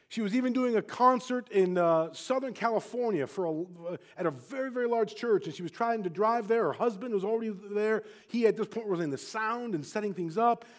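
A man preaching a sermon, telling a story and swinging from hushed to impassioned. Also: high voice.

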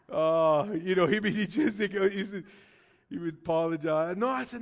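A man preaching a sermon as pastor, telling a personal story with emphatic stretches and soft, hushed passages, sometimes stammering and restarting. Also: high voice, a little slow, long pauses.

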